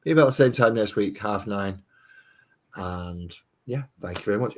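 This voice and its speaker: A man's voice: fairly low pitch, moderate pace. A man hosting a live stream, rambling, swearing freely and joking at his own expense. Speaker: stream host. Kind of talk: casual live-stream chat.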